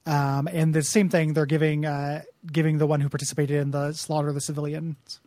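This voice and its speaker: A man's voice: on the high side, little pitch movement, fairly quick, warm tone, no room sound, clean studio sound. Casual rambling man on a podcast. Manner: rambling, laughs while telling, acts out characters' lines. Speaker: podcast co-host. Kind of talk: casual chat recapping a video game.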